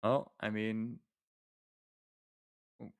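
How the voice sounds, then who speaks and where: A man co-hosting a podcast, rambling through a movie scene with laughs and quick bursts of acted-out dialogue. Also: on the low side, level tone, gravelly, dry recording. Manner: rambling, laughing, acts out characters' lines. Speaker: podcast co-host. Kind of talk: casual chat recapping a movie.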